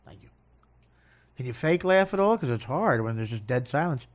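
A man's voice: medium pitch, animated, moderate pace. A man on a comedy podcast, ranting in a self-mocking, exasperated way.

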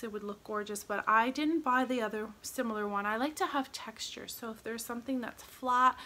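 A woman showing off her shopping finds at home in a gushing, chatty way, now and then dropping to a soft whisper. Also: on the high side, a little hiss or hum. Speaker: vlogger. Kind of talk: casual haul chat.

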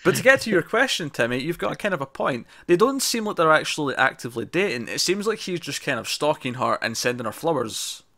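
A man in casual review chat, animated and quick to laugh. His voice sounds bright and forward. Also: fairly high pitch. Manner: animated, chatty, laughs often. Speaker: podcast co-host.

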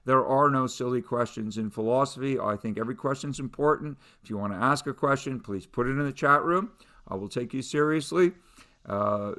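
A man's voice: medium pitch, a bit bright. A middle-aged man, a philosophy professor, lecturing over a video call in a conversational way with many fillers and restarts. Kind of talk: online lecture.

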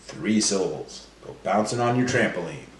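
A man leading a children's phonics lesson, slowly stretching out sounds and syllables. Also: fairly low pitch, animated, echoey room. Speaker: teacher. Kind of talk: phonemic awareness lesson for children.

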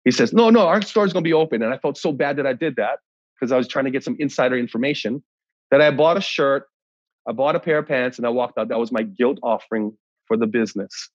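A middle-aged pastor from Hawaii giving a leadership talk, telling a story in an animated way and acting out the dialogue. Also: male voice, medium pitch, fast talker, no echo. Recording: slightly muffled dry sound.

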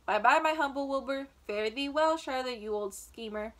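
A woman reading aloud puts on a greedy storybook rat, sneering and boastful. His voice is raised and a little loud. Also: high voice, normal speed.

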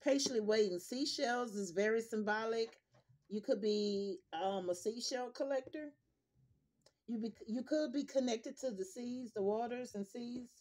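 A woman's voice: fairly high pitch, unhurried, darkish tone. An older woman gives a casual tarot reading to her viewers. She is blunt and profane, repeating her points for emphasis. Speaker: tarot reader.

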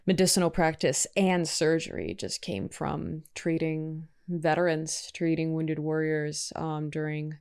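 An excitable woman chatting through a film reaction, with a lower, easygoing voice. She bursts into exclamations and then settles back into casual talk. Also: a little slow, few pauses, clean tone. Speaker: movie reaction YouTuber.

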